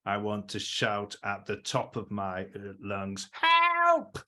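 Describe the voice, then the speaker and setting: A man's voice: fairly low pitch, monotone, takes it slowly, bright, forceful tone. A man playing a tabletop game, explaining his turn step by step. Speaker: player.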